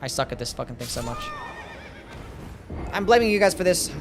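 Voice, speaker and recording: A man's voice: on the high side, very animated, fairly quick, noisy background. A man streaming a video game live, talking back to his chat in an exasperated way and swearing often. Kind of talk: live-stream commentary while playing.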